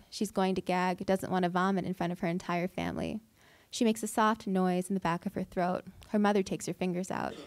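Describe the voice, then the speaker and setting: Woman giving a measured literary reading. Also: lowish voice, darkish tone, no echo. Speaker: fiction writer reading her work. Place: event hall.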